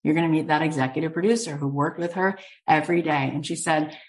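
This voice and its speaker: A woman host and coach telling an inspirational story in an animated way, acting out the quotes. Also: deep voice, fast.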